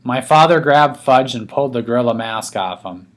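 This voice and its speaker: A man giving a first-person narration of a children's story aloud, told from a young boy's point of view. His delivery stays steady and scripted throughout. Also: medium pitch, normal speed. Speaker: audiobook reader.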